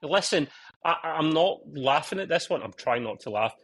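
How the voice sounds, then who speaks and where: A man's voice: a little high, expressive, moderate pace, a bit bright, breathy edge. A man hosting a gaming podcast in casual chat, joking and teasing his co-hosts but speaking earnestly about serious points.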